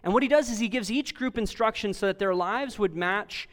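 A man preaching a sermon as pastor, emphatic and animated, repeating phrases for stress. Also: sits high, brisk, in a large hall.

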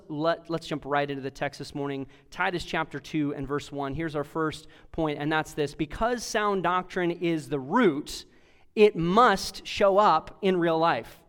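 Emphatic preaching man, high voice, hall reverb. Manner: emphatic, animated preaching with repeated phrases. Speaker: pastor. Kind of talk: sermon.

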